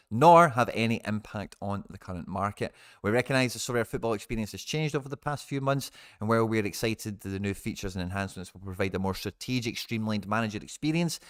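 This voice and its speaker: Male live-stream host, smooth low voice, close dry sound, chatty with asides. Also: dry recording. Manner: chatty, reads announcements aloud with asides and laughs. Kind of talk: casual live stream commentary.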